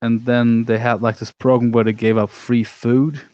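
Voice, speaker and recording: A man co-hosting a casual stream in a rambling, mocking way. His mid-pitched voice comes through a dull, muffled mic with a dry, close sound. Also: level tone, normal speed, darkish tone, no echo. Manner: rambling, mocking, reads out chat questions. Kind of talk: casual political chat.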